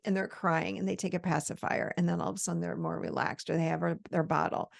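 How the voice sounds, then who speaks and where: A woman in her fifties giving a conversational coaching talk on handling triggers, slowing down to model calm self-talk. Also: fairly low pitch, gravelly. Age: 50s. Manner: conversational, with quoted inner dialogue. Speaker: host.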